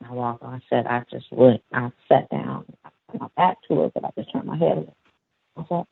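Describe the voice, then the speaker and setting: A man calling in, telling a story from his school job in a rambling, halting way with many fillers. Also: mid-range voice, no room sound. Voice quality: gravelly, husky. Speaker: caller, school aide. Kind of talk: casual storytelling. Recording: dry, tinny phone line.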